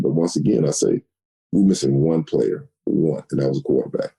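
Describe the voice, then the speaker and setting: A retired football player in his sixties, a guest in a storytelling interview, tells stories with lively delivery and acts out quoted dialogue. His voice is low, fast and gravelly. The recording is rough.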